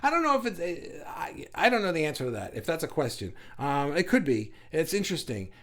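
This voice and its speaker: A man's voice: fairly high pitch, big pitch swings, fairly quick, a bit bright. A man hosting a casual spiritual livestream, answering viewers' chat in a reflective, thinking-aloud way. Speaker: host answering live chat.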